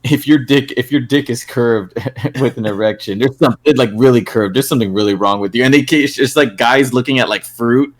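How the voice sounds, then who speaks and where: A man's voice: medium pitch, fairly quick, hardly any pauses. A young man co-hosting a podcast, telling a crude rambling story with lots of fillers and laughs. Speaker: podcast co-host. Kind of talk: crude casual chat.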